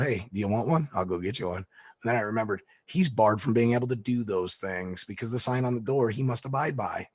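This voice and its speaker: Husky-voiced man telling a story. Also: lowish voice, fast, no room sound. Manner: lively storyteller who acts out the people he quotes. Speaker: speaker recounting a court story. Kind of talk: casual storytelling talk.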